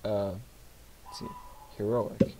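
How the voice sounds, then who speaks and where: A man's voice: on the low side, flat delivery, slow pace. A man giving let's play commentary at his computer, muttering and reading game words aloud as he types. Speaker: gaming channel host. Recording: loud background noise.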